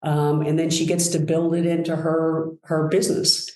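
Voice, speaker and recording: A woman guest telling enthusiastic, animated stories about her work in a relaxed conversation. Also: low voice, moderate pace, echoey room, rough recording. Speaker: guest, brand executive. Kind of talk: conversational storytelling.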